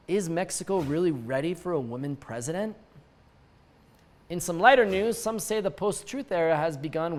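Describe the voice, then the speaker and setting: A man with a fairly high voice hosts a satirical news roundup. He reads each story straight, then slips in wry jokes and laughing asides. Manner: wry, joking asides with chuckles. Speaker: news show host. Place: lives in Mexico City.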